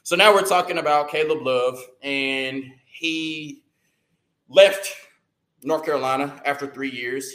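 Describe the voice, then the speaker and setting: A man hosting a sports show, ranting fast and excitedly, stumbling over words and firing off rhetorical questions. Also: medium pitch, reverberant. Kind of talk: heated sports rant.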